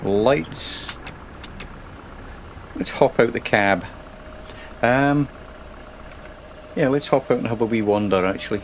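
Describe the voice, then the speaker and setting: Guy streaming a bus game, just chatting away to his viewers, normal pitch, bit of hiss behind. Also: slow pace, pauses often. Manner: chatty, rambling, talks to himself and chat. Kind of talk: casual gaming commentary.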